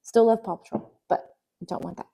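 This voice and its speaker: A woman's voice: on the high side, fairly even intonation, normal speed, vocal fry, mellow. A young woman chatting casually while sorting her kids' toys, often trailing into near-whispers. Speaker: vlogger. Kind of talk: casual voice-over while decluttering.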